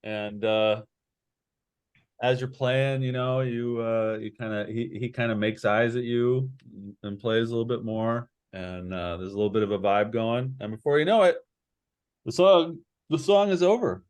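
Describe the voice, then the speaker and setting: A man's voice: medium pitch, moderate pace, darkish tone, clear, resonant tone. A man narrating as game master in a tabletop game, meandering and full of fillers.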